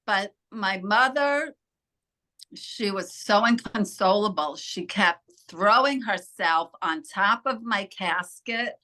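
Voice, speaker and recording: A woman being interviewed as a spiritual healer, earnestly telling a personal story with halting restarts. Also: mid-range voice, animated, pushed and bright.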